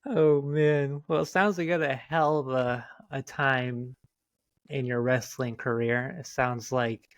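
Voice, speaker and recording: A man's voice: mid-range voice, steady tone, unhurried, no echo. A man hosting a casual podcast, affirming his guest in an easygoing way and steering the talk. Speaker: podcast host. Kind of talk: casual chat.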